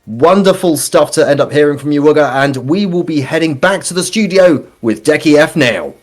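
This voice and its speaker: A man's voice: on the high side, animated, normal speed. A man hosting a live gaming race stream, bantering playfully and theatrically and calling his guests sir.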